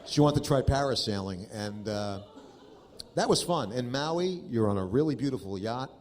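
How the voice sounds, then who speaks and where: A stand-up comedian in his fifties, with a medium-pitched, expressive voice and moderate pace, tells stories in an exasperated, profane manner. The live recording is noisy.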